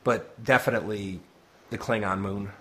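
A man's voice: on the low side, steady tone, moderate pace, a crowd in the background. Chatty laughing man co-host. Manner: chatty, laughs often, restarts words. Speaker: podcast co-host. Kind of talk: casual chat about comics.

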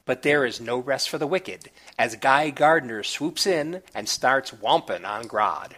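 A man reviewing comic books, recapping the plot in a relaxed, chatty way with small asides. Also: mid-range voice, a little slow, husky.

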